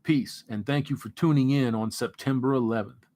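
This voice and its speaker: A livestream host with a medium-pitched voice and a moderate pace loosely rambles through comments from his viewers. Before long he shifts into an earnest pep talk.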